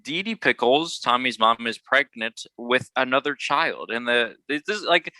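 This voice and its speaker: A man co-hosting a casual movie discussion podcast, animated and full of fillers, often breaking into squeaky impressions. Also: a little slow, background noise. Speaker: podcast co-host.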